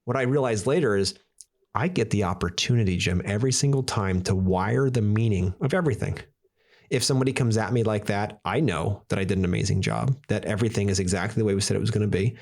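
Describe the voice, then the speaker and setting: Fast-talking, upbeat male podcast host. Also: lowish voice, darkish tone. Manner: enthusiastic, swears casually, says dude often. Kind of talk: casual podcast conversation.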